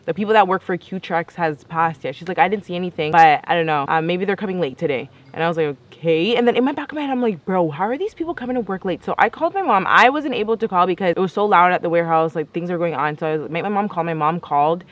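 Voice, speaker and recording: A woman's voice: fairly low pitch, fast talker, hardly any pauses, highs cut off. A young woman telling a story in a casual vlog, chatty and exasperated, acting out both sides of each conversation. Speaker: vlogger.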